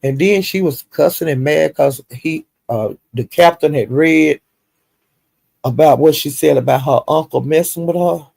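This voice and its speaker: A man's voice: on the high side, unhurried, gravelly, slightly rough, no echo. A man hosting a livestream, retelling drama in casual, profane, drawling gossip commentary. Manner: animated, profane, drawling storytelling. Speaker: livestream host.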